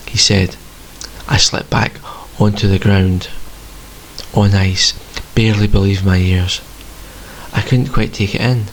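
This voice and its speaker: In a low, gravelly, raspy voice, a man reads a first-person story in a plain, measured way with fairly even intonation. The recording is rough, with faint hiss behind him.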